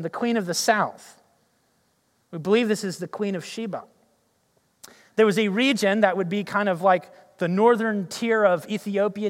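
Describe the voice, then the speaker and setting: A male pastor preaching a sermon, telling the story in a lively way and acting out the characters' lines. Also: sits high, in a large hall.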